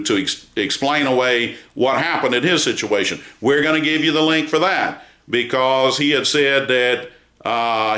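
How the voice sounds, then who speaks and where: Male news commentator, measured and emphatic with many fillers; bright voice in a roomy space. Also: mid-range voice. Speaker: news site founder giving a report.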